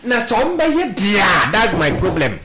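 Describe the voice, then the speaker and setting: A Ghanaian man talking politics with heated, emphatic energy, his voice sitting high and swinging widely in pitch. He switches between Twi and English. The sound has a noticeable room echo. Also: huge pitch swings, unhurried, a crowd in the background. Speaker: political caller or panelist. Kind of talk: impassioned call-in political talk.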